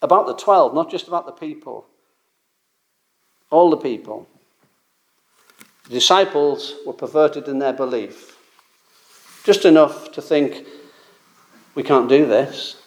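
A man preaching an expository sermon, with a voice that sits a little high for a man. He drives his points home with emphasis. He circles back to them and poses rhetorical questions. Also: slow pace, pauses often.

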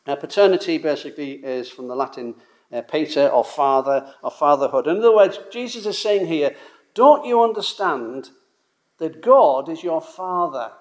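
A man's voice: on the high side, lively intonation, normal speed. A man preaching a sermon in a conversational, emphatic way, full of rhetorical questions and casual asides.

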